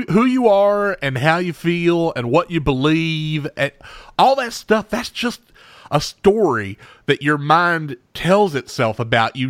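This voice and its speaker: A man's voice: fairly high pitch, fairly bright tone, dry recording, clean studio sound. A man hosting a radio show in scripted comedic banter, emotional and rambling, with frequent sighs and repeated words.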